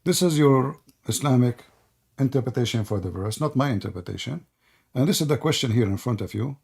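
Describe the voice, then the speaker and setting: A man with a husky, slightly rough voice hosts a live debate stream. He fires pointed questions and keeps repeating words to hold the floor against his callers. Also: mid-range voice, expressive, brisk, a little mellow. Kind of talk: argumentative debate talk.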